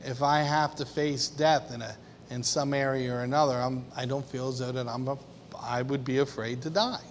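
A man's voice: medium pitch, fairly even intonation, normal speed, slight background noise. A man preaching an informal sermon to a small group, conversational and laughing, acting out quoted voices. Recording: long hall reverb.

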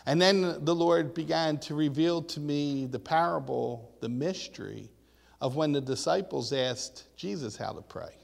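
A man's voice: fairly high pitch, measured pace, vocal fry. Preacher man with a raised voice in a reverberant hall. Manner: conversational, storytelling preaching that asks the crowd questions. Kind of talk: sermon.

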